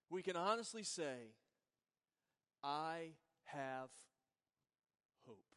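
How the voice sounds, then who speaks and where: A man preaching a sermon with a slightly raised voice, swinging from quiet, lingering words to firm emphasis. His voice carries a long reverb, like a big church sanctuary. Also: fairly high pitch, lively intonation, very slow, long pauses. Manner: earnest preaching, swings between soft and emphatic. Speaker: pastor. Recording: long reverb of a large hall.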